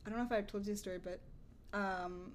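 A woman's voice: medium pitch, steady tone, quick pace, slight background noise. A young woman co-hosting a podcast, telling work stories in casual chat, blunt and freely profane. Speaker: podcast co-host.

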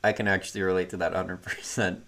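Upbeat, jokey young man, fairly low voice. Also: level tone, fast talker, fairly bright tone. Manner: upbeat, jokey, reads facts aloud. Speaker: podcast co-host. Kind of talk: casual chat.

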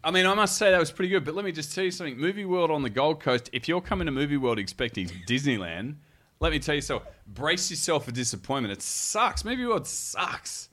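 Male co-host, animated and teasing, chatty. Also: fairly high pitch, fairly quick. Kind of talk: casual chat reading comments.

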